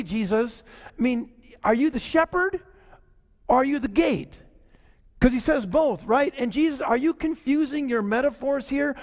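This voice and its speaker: A man with a high-pitched voice preaches a sermon as the pastor. He talks in a relaxed, conversational way and slows down to stress his key lines. His voice carries a long reverb, as in a large hall.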